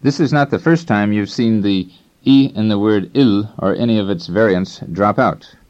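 A man with a fairly low voice reads scripted instructions for a language course in a measured, explanatory way. The recording is dull and lo-fi, like an old course tape. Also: darkish tone.

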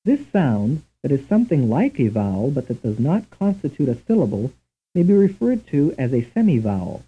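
A man reading a scripted language lesson in a slow, measured, deliberate way, on a tinny old tape recording. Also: medium pitch, big pitch swings, slightly rough. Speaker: language instructor. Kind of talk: scripted programmed-lesson narration.

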